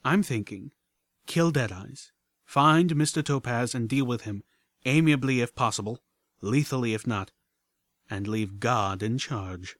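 A man voicing a quiet, insistent unicorn mare. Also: medium pitch, measured pace, dry recording, lightly acted. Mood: measured. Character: determined, troubled young female unicorn pony.

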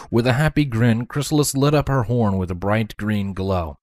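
A woman's voice: very deep voice, animated, moderate pace, few pauses, a little mellow, no room sound, clean studio sound. A woman narrating a fan-fiction story aloud, reading expressively and voicing every character.

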